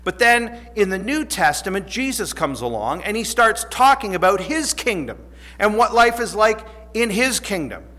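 A man with a fairly high, bright voice preaches a sermon. He reads scripture and then explains it in an earnest way, repeating phrases and sometimes restarting. A long reverb from the church room hangs on every line. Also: sing-song, normal speed.

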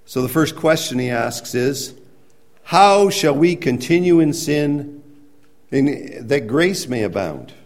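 A man preaching a sermon, explaining scripture in a conversational way and rising to emphatic, near-shouted points. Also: medium pitch, expressive, takes it slowly. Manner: conversational with restarts and everyday examples. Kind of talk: sermon teaching.

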